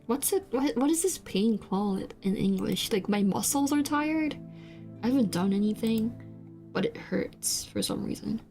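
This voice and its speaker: A woman's voice: fairly high pitch, expressive, moderate pace, gravelly, dark tone. A young woman from South Korea whose first language is Korean, chatting casually on stream in a rambling, hesitant way with many fillers and restarts. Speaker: VTuber streamer. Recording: faint background music.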